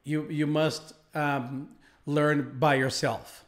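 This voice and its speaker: A man's voice: a little high, flat delivery, drawn-out words. Man playing a polite young Brazilian student. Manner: polite, earnest answers.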